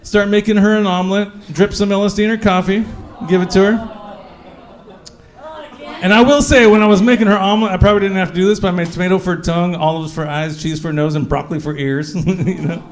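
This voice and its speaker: A man performing a stand-up comedy set in a club, telling crude stories with an animated delivery and sudden shouts. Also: high-pitched, fast.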